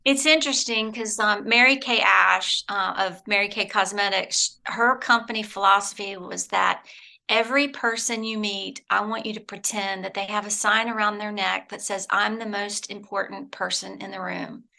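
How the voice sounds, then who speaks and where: Gravelly, bright-voiced woman consultant. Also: mid-range voice, fairly even intonation, moderate pace. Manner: advice-giving, affirming, coach-like. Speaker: healthcare consultant guest. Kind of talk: casual interview chat.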